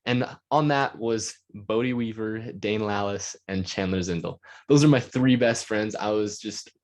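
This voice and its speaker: A man's voice: fairly low pitch, measured pace, a little mellow. A man hosting his own podcast alone, talking eagerly in a rambling way with lots of filler words. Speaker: podcast host. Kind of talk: solo podcast monologue.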